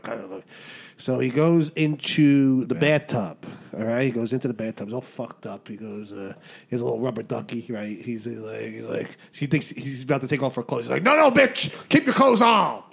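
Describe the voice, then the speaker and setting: Rambling, gravelly man telling a crude joke. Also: medium pitch, fairly even intonation, fairly quick. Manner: rambling, crude, loud acted punchlines. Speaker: podcast co-host. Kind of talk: casual banter and joke telling.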